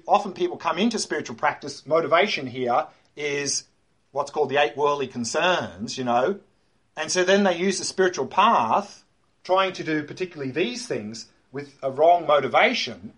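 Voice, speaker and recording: A man's voice: a little high, animated, moderate pace, a bit bright, slightly rough. A man giving a dharma talk to a class as a meditation teacher. He is emphatic, repeats key words and points to a diagram as he explains.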